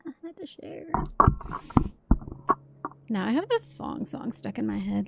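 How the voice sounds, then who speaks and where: A woman's voice: on the high side, big pitch swings, measured pace, gravelly, long pauses, warm tone, a little hiss or hum. A woman game streamer chatting casually on a livestream, giggling often and reacting to chat messages.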